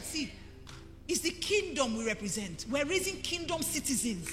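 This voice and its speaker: Nigerian woman pastor, middle-aged, emphatic sermon, bright and animated, echoing hall. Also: high-pitched, brisk. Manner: emphatic, rising to forceful preaching. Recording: reverberant hall with faint music.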